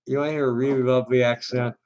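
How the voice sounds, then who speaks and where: A man's voice: medium pitch, level tone, rapid-fire, a little mellow, poor audio. A man who plays horn as a busker, hosting a casual livestream and rambling with many restarts and repeated words.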